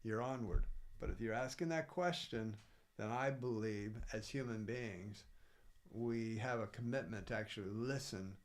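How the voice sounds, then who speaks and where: A man's voice: lowish voice, normal speed. A man co-hosting a podcast, talking in an earnest, rambling way with frequent restarts. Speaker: podcast co-host. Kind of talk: casual reflective chat.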